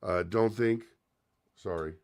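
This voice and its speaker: A man's voice: fairly low pitch, slow, vocal fry, dry recording, studio quality. A man hosting a livestream, casually reviewing a wrestling show in a chatty, opinionated way with frequent fillers and restarts.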